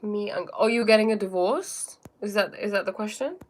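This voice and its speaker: A woman's voice: mid-range voice, moderate pace. A woman hosting a casual spiritual self-help livestream from her phone, thinking aloud with many fillers and restarts and chatting directly with viewers about their comments. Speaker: livestream host answering viewer questions.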